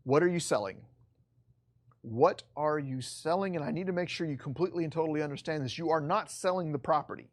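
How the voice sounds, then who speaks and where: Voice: medium pitch, racing, few pauses. A real estate instructor giving an online course lecture, talking emphatically and bluntly, often repeating key points.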